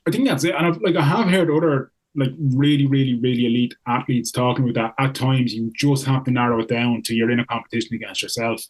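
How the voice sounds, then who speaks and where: Man host, mid-pitch, playful puns, loose chatty delivery. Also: steady tone, fast talker, few pauses, rough recording. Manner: jokey, loose, lots of "like". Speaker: podcast co-host. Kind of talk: casual podcast chat.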